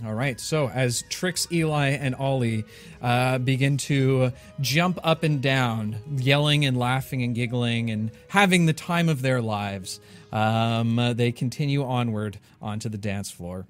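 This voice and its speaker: A man narrating as game master in a tabletop game, relaxed and halting, full of ums and restarts. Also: mid-range voice, soft background music. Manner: relaxed, halting with many fillers.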